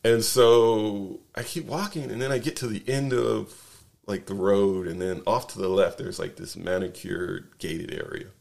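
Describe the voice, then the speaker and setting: A man's voice: lowish voice, steady tone, a little slow, creaky, darkish tone. A man casually telling a rambling travel story, full of fillers, restarts and tag questions.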